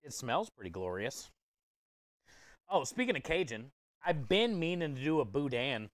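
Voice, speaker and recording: A man's voice: mid-range voice, big pitch swings, moderate pace, no room sound, clean studio sound. A man, a food truck chef, chatting casually with his livestream viewers while he cooks in a kitchen. He is easygoing and joking, and he chuckles often. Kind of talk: casual livestream cooking chat.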